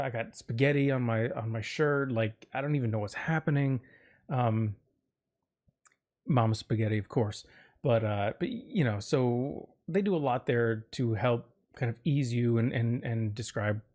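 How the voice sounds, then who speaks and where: Rambling and interrupting himself, a Florida solo podcast host shares a personal story laced with fillers and jokes. His mid-range voice is a little mellow.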